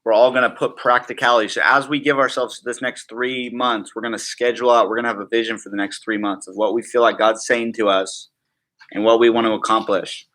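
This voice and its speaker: A man teaching a class at a prayer school in a casual, joking way, full of asides and quick check-ins with the room. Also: medium pitch, flat delivery, fairly bright tone. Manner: chatty, joking, full of "like" and "right?".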